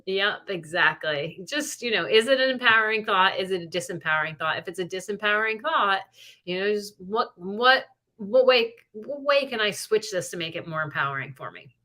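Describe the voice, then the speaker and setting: Bright-voiced chatty woman. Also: medium pitch, lively intonation, moderate pace. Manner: chatty storyteller, many likes and you knows. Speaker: podcast co-host. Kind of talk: casual chat.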